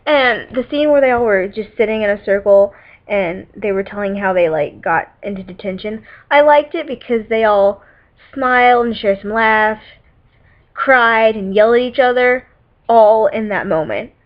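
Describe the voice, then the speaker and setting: A woman's voice: fairly high pitch, normal speed. A teenage girl vlogging about movies, chatting casually and rambling with lots of "like" and "um" and giggly asides. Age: teens. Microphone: webcam. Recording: dull lo-fi webcam audio.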